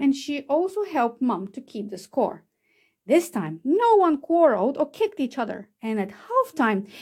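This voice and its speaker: A woman reads a children's picture book aloud in a high, sing-song voice. She takes her time over every line. Her tone lifts and dips all the way through. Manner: lively, expressive voices for each character. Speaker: storyteller. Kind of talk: children's storybook read-aloud.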